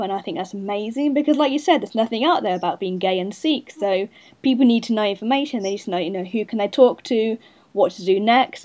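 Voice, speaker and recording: A woman hosting a casual interview, encouraging and enthusiastic toward her guest. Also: medium pitch. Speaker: interview host.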